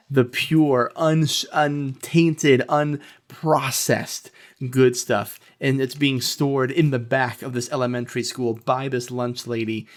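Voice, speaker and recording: A man narrating as game master in a loose, joking style. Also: mid-range voice. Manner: loose, joking, laughs often. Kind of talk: narrating a comedic tabletop game.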